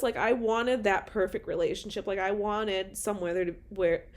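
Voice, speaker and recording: A young woman recounts a painful personal story in a loose storytime monologue. Her voice sits at an ordinary middle pitch for a woman. She talks candidly and with feeling, and she swears freely. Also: normal speed. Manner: emotional, candid, swears often. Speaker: vlogger telling a personal story.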